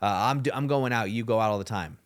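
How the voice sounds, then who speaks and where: A man's voice: fairly low pitch, fast, natural voice. A man voicing a worn-out, frustrated wife and mother who complains in an exasperated way.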